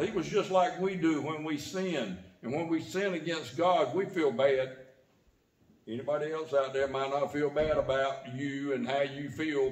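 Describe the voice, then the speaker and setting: Man preaching in an echoey church. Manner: preaching with sudden rises and drops in pitch and volume. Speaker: pastor. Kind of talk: sermon. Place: church sanctuary.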